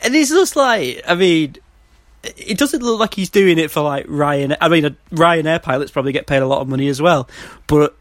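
A man's voice: a little high, brisk, no echo. A man from Manchester, co-hosting a casual film review podcast and laughing often as he retells scenes. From Manchester, England. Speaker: podcast co-host.

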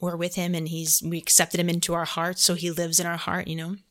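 Brisk and monotone, her lowish voice has a slight brightness. She hosts a casual faith podcast, telling a story loaded with "like" and stopping to act out her own prayers aloud.

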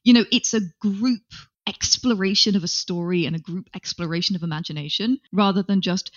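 A woman's voice: mid-range voice, brisk. A woman talking casually in a podcast conversation, chatty and playful. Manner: chatty, animated, playful asides. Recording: slightly dull audio.

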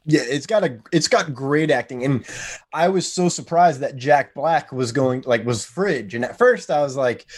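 An American man guesting on a podcast, talking in a rambling, animated way with sudden jumps in pitch. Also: no room sound. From United States. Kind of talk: casual podcast chat.

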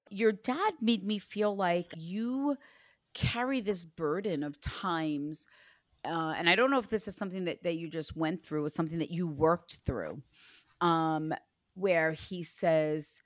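A woman's voice: fairly low pitch, unhurried, dry recording, studio quality. A woman working as a psychic medium, giving a reading to a client in an earnest, reassuring way. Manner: earnest, reassuring, animated when retelling.

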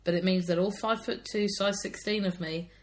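Fast-talking chatty young woman. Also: mid-range voice, steady tone, a little hiss or hum. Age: 20s. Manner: chatty, self-deprecating, laughs often. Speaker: podcast co-host. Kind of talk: casual chat.

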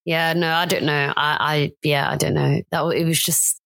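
A woman with a lowish voice co-hosting a relaxed podcast, telling stories in an easygoing, hesitant way. Her voice sits close to the mic in a dry sound. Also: moderate pace, gravelly, no echo. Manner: hesitant, easygoing, many fillers. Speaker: podcast co-host. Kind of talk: casual chat, storytelling.

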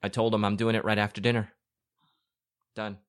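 A man's voice: fairly low pitch, level tone, a little fast, smooth. A man joining the chat as the husband, stammering at first and then explaining himself plainly. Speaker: guest husband. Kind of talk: casual chat.

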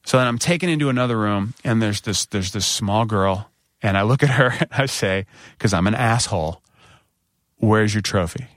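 A middle-aged man casually telling a self-mocking story, acting out other people's lines with big jumps in pitch. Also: fairly quick, no echo, studio quality.

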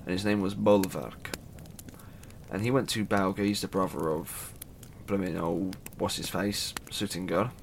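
Man, storyteller, casual irreverent myth retelling, low voice, vocal fry. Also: fairly even intonation, a little slow, a little hiss or hum. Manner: chatty and irreverent, with asides and swearing.

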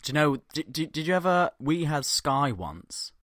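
A man's voice: fairly high pitch, normal speed, dry recording. Blunt man, dry close sound. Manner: animated anecdotes, blunt and sweary. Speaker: podcast co-host. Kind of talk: casual chat.

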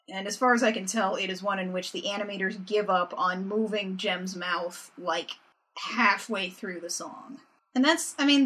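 A young adult woman co-hosting a podcast, recapping a cartoon episode in a wry, animated, casual way. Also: mid-range voice. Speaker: podcast co-host.

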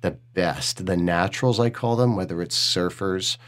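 Middle-aged guy on a podcast, real low voice, swears a lot, gets emotional and earnest. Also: normal speed, a bit bright. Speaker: podcast host. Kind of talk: candid podcast conversation.

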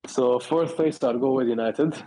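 A man, a guest on a football podcast, giving his picks in a hesitant, halting way. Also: mid-range voice, dark tone, slight background noise, rough recording. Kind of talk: casual chat.

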